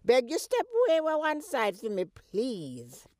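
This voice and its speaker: Woman playing a loud scolding Jamaican mother. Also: a little high, very animated, a little slow, dry recording, studio quality. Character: scolding Jamaican mother mocking her posh daughter. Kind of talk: comedy skit.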